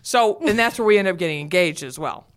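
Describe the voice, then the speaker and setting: A woman's voice: on the low side, fast talker. Woman in her 30s on a podcast, swears a lot, gets really into her stories. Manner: animated storyteller, swears freely. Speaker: podcast guest. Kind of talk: casual chat.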